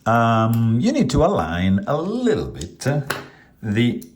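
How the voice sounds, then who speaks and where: A man's voice: medium pitch, slow pace, a little hiss or hum. Guy rambling thru a knife review, lots of ums, voice bouncing up and down. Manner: relaxed, rambling, many fillers and restarts; handling the knife while talking. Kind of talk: casual product review.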